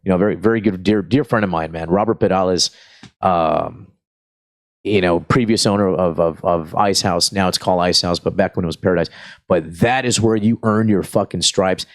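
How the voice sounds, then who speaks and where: A comedian from spins long stories, cursing freely and slipping into quick impressions of the people in them. His voice sits a little low, and he keeps an easy, rambling pace. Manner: profane, rambling, animated retelling. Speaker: guest comedian. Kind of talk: casual storytelling.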